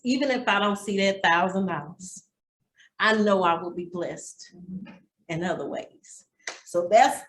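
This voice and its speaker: Against slight background noise in an echoing room, a medium-pitched woman delivers a motivational real estate class. She speaks from the heart, telling stories about blessing and generosity toward others.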